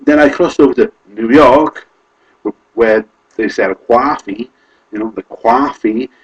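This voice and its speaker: Rambling Welsh man, husky. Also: mid-range voice, measured pace, highs cut off. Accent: Welsh, Carmarthenshire. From Wales. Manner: rambling, self-correcting. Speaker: vlogger. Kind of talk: casual monologue to camera.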